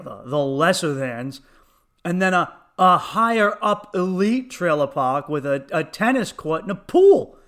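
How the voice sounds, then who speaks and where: A comedian hosting his own podcast, telling a story in a fairly high voice. He swears freely and laughs through his lines. He acts out little bits of dialogue as he goes. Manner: profane, laughing, animated retelling with acted quotes.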